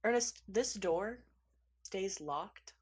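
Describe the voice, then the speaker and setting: Game master, woman, mid-pitched, relaxed storytelling narration for a tabletop campaign. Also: slow, breathy edge.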